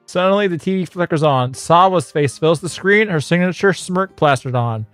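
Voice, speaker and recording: A man's voice: a little high, dry recording, soft background music. Chuckling male streamer reading aloud. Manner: chuckling, rambling, reads in quick bursts.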